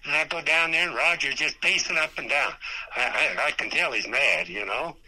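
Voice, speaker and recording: A man's voice: on the high side, moderate pace, sharp tone, rough recording. A man, a former race car driver, telling a rambling and profane story in an interview, stammering and restarting often. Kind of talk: anecdote told in an interview.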